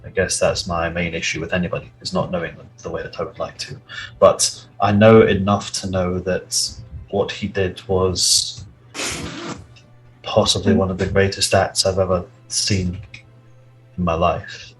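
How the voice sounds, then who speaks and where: Man as a remorseful, earnest hero, very low voice, halting delivery. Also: flat delivery, faint music behind, rough recording. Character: remorseful young man owning his mistake. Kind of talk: in-character tabletop role-play.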